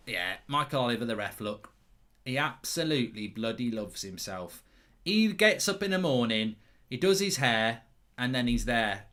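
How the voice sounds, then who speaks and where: Male football-channel host, teasing banter, rapid restarts, average pitch. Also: very animated, sharp tone. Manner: banter-filled, teasing, chatty with stammered restarts. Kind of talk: live football watchalong commentary.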